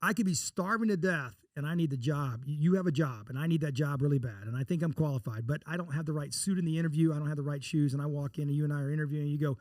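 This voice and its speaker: A man's voice: on the high side, very fast, few pauses, a little mellow, dry recording, clean studio sound. A man from Texas, an investor guest in an interview, telling blunt, folksy stories and acting out the dialogue in them. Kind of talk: casual interview storytelling.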